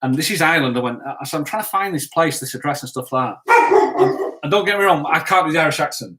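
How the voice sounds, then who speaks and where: A man's voice: fairly high pitch, animated, quick pace, fairly bright tone. A man hosting a casual live stream, reading out viewer comments in a chatty, upbeat way. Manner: chatty, upbeat, laughs easily.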